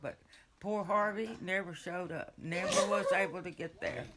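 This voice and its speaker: A woman's voice: on the low side, normal speed, heavy background noise. An older woman, telling a family story casually and breaking into laughter.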